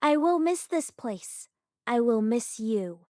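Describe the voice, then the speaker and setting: A young man who is a hotel guest speaks coolly and with hurt, in slow, measured lines, as a woman narrator reads him. The voice is fairly high and lively, close and dry. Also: dry recording.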